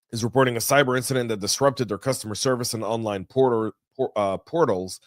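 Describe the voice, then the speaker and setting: A man hosting a news podcast, talking through the stories in a chatty, energetic way with folksy asides. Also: on the low side, dry recording, studio quality. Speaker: podcast host. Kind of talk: casual news commentary. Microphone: studio mic.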